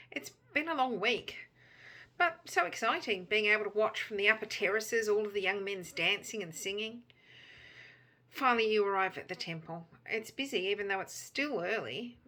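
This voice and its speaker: A woman narrates a Bible story in the second person, drawing the listener into the scene. Her voice is bright and clear. The delivery is intimate and immersive. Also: mid-range voice. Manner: intimate, immersive, turns softer in quiet moments.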